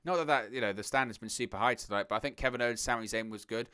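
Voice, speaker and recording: Bright, crisp-voiced man commentating live. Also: medium pitch, very fast. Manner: chatty, thinking aloud, addresses viewers. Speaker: host of a wrestling watch-along stream. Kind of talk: live watch-along commentary, reading chat.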